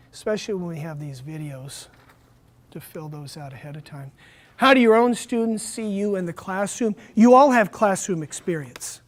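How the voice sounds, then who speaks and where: Man giving a lively teacher workshop. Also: high-pitched. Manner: lively, talks straight to the audience. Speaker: teacher trainer. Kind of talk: workshop lecture.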